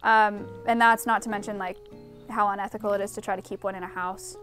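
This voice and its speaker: A woman's voice: medium pitch, steady tone, brisk, fairly bright tone, faint music behind. A woman guiding a tour of an outdoor animal enclosure and explaining the animals in an informative way, with a few fillers. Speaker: sanctuary guide. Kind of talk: educational tour talk.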